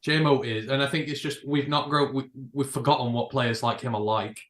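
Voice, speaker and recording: A man's voice: mid-range voice, steady tone, normal speed, a bit bright, roomy sound. An English man co-hosting a casual podcast, rambling and repeating words as he finds his point, joking along. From England. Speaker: podcast co-host.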